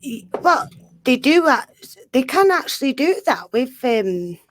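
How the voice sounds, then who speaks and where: A woman's voice: high-pitched, big pitch swings, measured pace, a little hiss or hum. A woman care worker chatting casually, hesitant and full of fillers as she explains her work. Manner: hesitant, many fillers and restarts. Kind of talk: casual chat.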